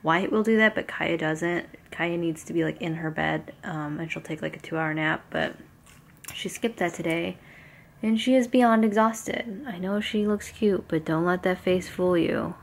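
A woman's voice: on the low side, normal speed, gravelly. A young woman, a mother vlogging casually to a handheld camera at home, rambling with lots of "like" and "um". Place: family home at night.

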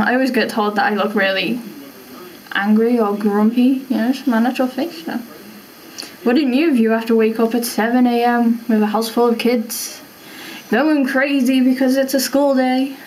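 A young British woman talks to camera in a loose, rambling way, padding her answers with plenty of "you know". Her voice sits a little high. A faint hiss lies under the recording. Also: fairly even intonation, moderate pace, darkish tone, poor audio. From Britain. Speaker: vlogger. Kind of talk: casual chat answering questions to camera. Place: at home.

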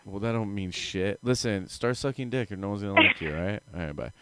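Brash low-voiced man on a call-in stream. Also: lively intonation, fairly quick, pushed and bright, clean tone. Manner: brash, insulting, rambling. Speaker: livestream host taking callers. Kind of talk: crude profane call-in chat. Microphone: headphones on.

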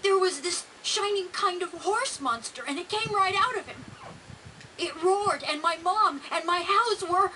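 A woman voicing a grieving young boy in a video game cutscene, frightened but insistent, often speaking in a hushed, half-whispered way. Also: very high-pitched, lively intonation, unhurried, recorded from a distance, a little hiss or hum, heavily acted, low-quality recording. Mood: shaken.

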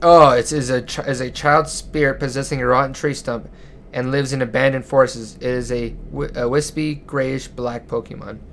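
A man's voice: medium pitch, steady tone, normal speed, fairly bright tone, slight background noise. Chatty young man playing a game. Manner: chatty, reads game dialogue aloud in his own voice. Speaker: gaming channel host. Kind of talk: casual let's play commentary.

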